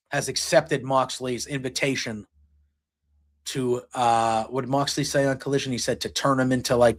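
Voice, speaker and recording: A man hosting a podcast, casually recapping a wrestling show in an excited, rambling way and retelling scenes and lines. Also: medium pitch. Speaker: podcast host. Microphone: streaming setup.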